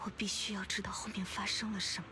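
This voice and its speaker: An actress playing a shaken young woman who speaks softly, close to a whisper. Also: mid-range voice, little pitch movement, quick pace, natural voice. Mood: subdued. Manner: soft, hushed, near-whispering. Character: shaken young woman facing her past, soft-spoken. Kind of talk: dubbed game cutscene acting.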